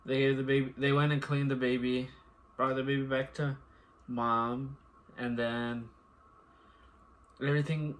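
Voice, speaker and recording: A man's voice: medium pitch, level tone, measured pace. A man, a new father, chatting casually, rambling and repeating filler words. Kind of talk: casual chat.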